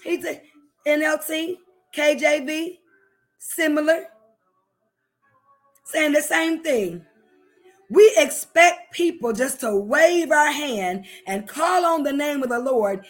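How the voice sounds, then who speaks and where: Lively high-voiced woman minister preaching. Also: slow pace, pauses often, soft background music. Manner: lively and chatty, laughs often, shifts between loud and hushed. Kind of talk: sermon.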